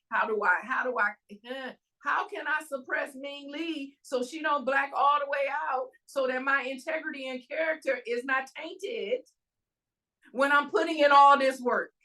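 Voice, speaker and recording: Bright-voiced woman giving an animated faith talk. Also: a little high. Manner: animated, addresses listeners as y'all, frequent "all right?" check-ins; emphatic, preacher-like cadence. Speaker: host giving faith-based teaching. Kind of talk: casual inspirational talk.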